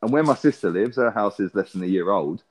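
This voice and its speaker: A man's voice: on the low side, animated. A man, swearing and telling a long story in a casual podcast chat. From England. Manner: swearing, storytelling with rapid back-and-forth. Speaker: podcast co-host.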